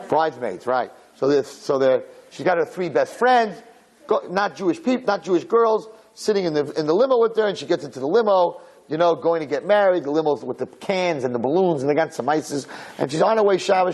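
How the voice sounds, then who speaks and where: A male rabbi telling a story in a sermon, animated and acting out voices, with Hebrew and Yiddish terms mixed in. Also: a little high, brisk, low-quality recording.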